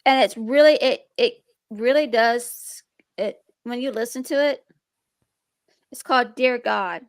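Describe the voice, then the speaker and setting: A young woman with a slight speech impediment chats on stream in a higher-pitched, rambling way. She keeps restarting her sentences. Her voice sounds close and dry, with no room echo. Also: unhurried, clear, resonant tone. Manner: rambling, restarts, talks about being nervous and defensive. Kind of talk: casual chat.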